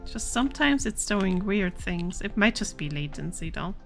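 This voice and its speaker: A woman guest streamer in casual gaming chat, expressive and frank, laughing often. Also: mid-range voice, normal speed, vocal fry, faint music behind.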